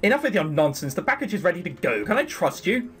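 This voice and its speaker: A man's voice: high voice, big pitch swings, fast talker, a bit bright, slightly rough, full character voice. A man voicing a haughty scheming noblewoman. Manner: curt and haughty. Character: cold scheming noblewoman, commanding and sharp-tongued.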